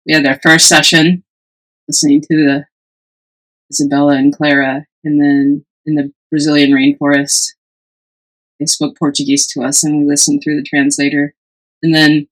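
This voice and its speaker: A woman's voice: low-pitched, poor audio. A woman co-hosting a podcast, chatting casually and telling a personal story with animation, often laughing and acting out what others said. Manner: animated, acts out quoted voices, laughs often. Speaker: podcast co-host.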